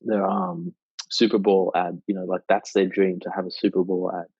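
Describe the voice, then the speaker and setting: A man's voice: sits low, flat delivery, moderate pace, a little mellow, husky, no room sound. A young Australian man in his twenties chatting casually as a podcast guest, rambling with lots of fillers and restarts. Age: 20s. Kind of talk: casual chat. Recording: dull lo-fi dry sound.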